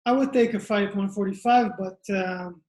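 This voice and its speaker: A man's voice: high-pitched, normal speed, darkish tone. A man, a fighter answering interview questions in plainspoken short phrases. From Israel. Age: 20s. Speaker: mixed martial arts fighter. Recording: echoey room.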